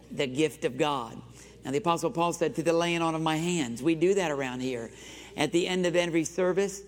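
A male pastor preaching a sermon in a church sanctuary, exhorting the congregation and having them repeat phrases after him. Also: a little high. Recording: long reverb of a large church hall.

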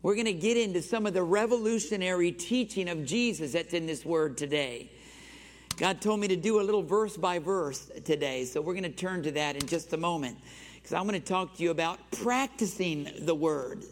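A man's voice: high-pitched, normal speed. Man preaching in an echoing church. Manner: exhorting, has the congregation repeat phrases after him. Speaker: pastor. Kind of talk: sermon. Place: church sanctuary. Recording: long reverb of a large church hall.

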